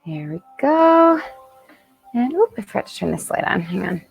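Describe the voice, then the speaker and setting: A woman reading a bedtime story aloud at home at night, with chatty asides. Her pitch moves in a lively, expressive way as she narrates. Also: moderate pace, creaky, faint music behind. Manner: chatty, warm asides between read passages. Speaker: camp storyteller.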